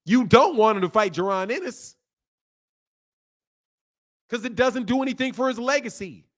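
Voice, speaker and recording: A man hosting a boxing live stream and ranting in a sarcastic, heated way, swinging from mock pleading to loud outbursts. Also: very high voice, expressive, normal speed. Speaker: boxing channel host. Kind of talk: live-stream commentary and rant.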